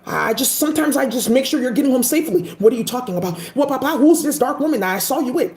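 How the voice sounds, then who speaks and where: A woman's voice: high-pitched, lively intonation, fast, a little mellow, roomy sound. A woman voicing a worried young man who pleads with his father, anxious and earnest. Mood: hesitant.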